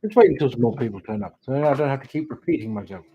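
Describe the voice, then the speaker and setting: A man's voice: mid-range voice, very animated, very fast, warm tone, lo-fi sound, slight background noise. A man, hosting a casual live stream, chatting and rambling as he greets viewers. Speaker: livestream host, witch doing readings.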